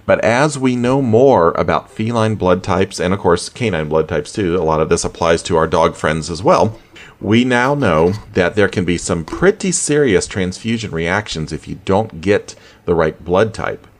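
A man hosting a pet radio show, chatting in a casual, animated way with chuckling asides. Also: low-pitched, moderate pace. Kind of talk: casual podcast talk.

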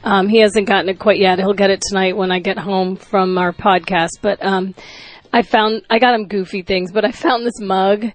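A woman co-hosting a podcast, chatty and full of quick questions. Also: mid-range voice, fairly even intonation. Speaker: podcast co-host. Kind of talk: casual chat.

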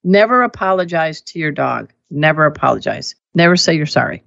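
A woman who teaches pet first aid, telling stories and giving emphatic advice in a casual, animated way. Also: deep voice, fairly quick, gravelly, dry recording. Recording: dull lo-fi dry audio.

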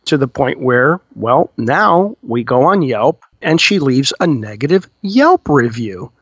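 A man's voice: medium pitch, big pitch swings, unhurried, slightly rough, no echo. A man, a dog groomer hosting a podcast, telling a story in rambling casual chat with lots of "you know". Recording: dull lo-fi, dry.

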